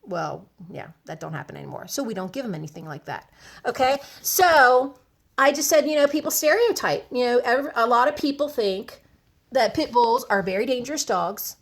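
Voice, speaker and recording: A woman vlogging to camera, telling a story in a chatty, animated, rambling way with asides. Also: fairly high pitch, moderate pace.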